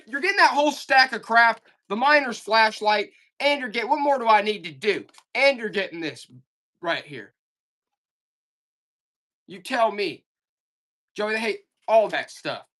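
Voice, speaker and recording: A live online auction seller doing comic, exasperated hype, repeating offers and pleading with the audience. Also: pushed and bright. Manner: repetitive, urgent pitch talk. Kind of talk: live selling stream patter.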